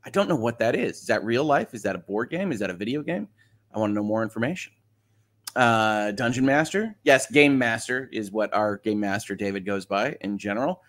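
This livestream host, a middle-aged man from Michigan, has a lowish, somewhat bright voice with lively intonation and a brisk pace. He reads comments from viewers on his casual morning stream and laughs frequently while discussing them.

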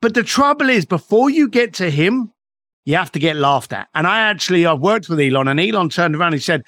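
A man's voice: high-pitched, lively intonation, a little fast, a bit bright, no room sound, clean studio sound. A middle-aged man, a podcast guest telling motivational stories in an emphatic way and swearing freely. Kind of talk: motivational storytelling.

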